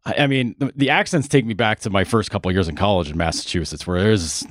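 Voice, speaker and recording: A man's voice: fairly low pitch, fast, no room sound, clean studio sound. A man co-hosting a casual sports podcast who talks in a laid-back, rambling way. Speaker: podcast co-host.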